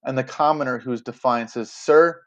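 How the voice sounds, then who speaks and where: A man's voice: mid-range voice, animated, normal speed, a little mellow. A male teacher casually explaining a play to his students, speaking to them directly, recorded with dull lo-fi audio. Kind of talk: classroom lesson explaining a play.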